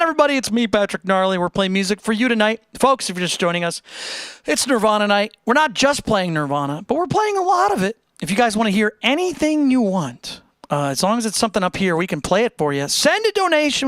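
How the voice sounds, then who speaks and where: A man's voice: high voice, big pitch swings, fairly quick, fairly bright tone, clean tone, no room sound, clean studio sound. A man hosting a live music stream, chatting casually and jokingly while he reads out viewer donations. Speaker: livestream music show host. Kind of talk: casual livestream chat between songs.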